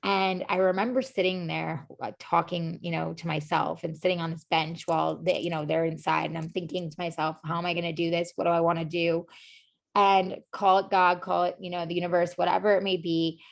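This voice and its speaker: A woman with a slightly low voice speaks as a podcast guest, telling her story earnestly. She talks openly and fills her sentences with "like" and "you know.". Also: little pitch movement, fairly quick, gravelly. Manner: heavy use of "like" and "you know" fillers; earnest and emotionally open. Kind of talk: candid personal storytelling in conversation.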